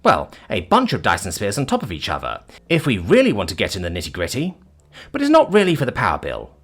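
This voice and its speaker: A man's voice: fairly low pitch, wildly swooping pitch, fast, a bit bright, husky, heavily acted. A man voicing a brash, sarcastic female former corporate chief who theatrically mocks her captors in an audiobook story. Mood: smug lecturing. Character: brash witty female ex-CEO, mocking captors. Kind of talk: audiobook character voice.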